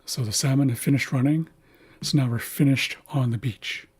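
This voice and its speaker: A man teaching a language in a livestream lesson, speaking slowly and carefully and repeating words to show how they are said. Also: mid-range voice, fairly even intonation, darkish tone, husky.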